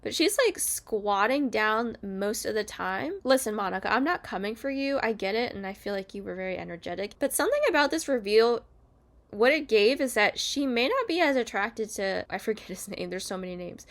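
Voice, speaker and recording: A woman's voice: mid-range voice, expressive, a little fast. A young woman on her bed at home, casually chatting and recapping a reality show, often acting out quotes in different voices. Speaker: YouTuber reviewing a reality show. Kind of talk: casual chat.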